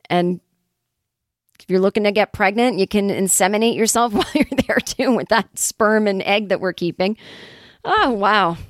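A woman's voice: medium pitch, no echo, clean studio sound. Wry woman podcast host riffing on news. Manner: wry, reads news then riffs with sarcastic asides. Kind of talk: casual comedic news chat.

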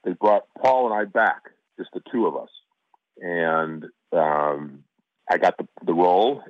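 Chicago man, low voice, rambling with fillers and restarts, dry tinny phone-line sound. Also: no echo. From Chicago, USA. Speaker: actor and interview guest. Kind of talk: casual interview storytelling.

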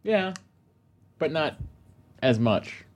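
A man's voice: a little high, sing-song, very slow, muffled recording. A male podcast co-host with a mid-range voice that moves around expressively. He delivers dry, sardonic one-liners in loose comedic talk. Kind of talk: casual comedic banter.

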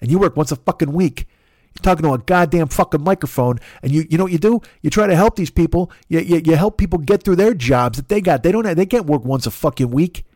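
A man voicing a foul-mouthed, tough-love inner voice with a Chicago accent, ranting and scolding in a fast, profane tirade. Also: medium pitch, animated, darkish tone, slightly rough, no room sound, studio quality. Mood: angry scolding.

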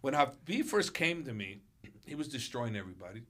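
A man, a martial arts coach guesting on a podcast, telling stories animatedly and acting out quotes with big jumps in pitch. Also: sing-song, fairly quick, pushed and bright. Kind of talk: storytelling on a podcast.

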